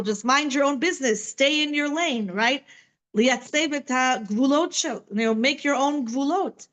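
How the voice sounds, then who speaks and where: A woman's voice: high-pitched, fairly bright tone, poor audio. A middle-aged woman teaching a Torah class online from home, chatty and full of "right?" asides. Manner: conversational, many fillers and "right?" asides.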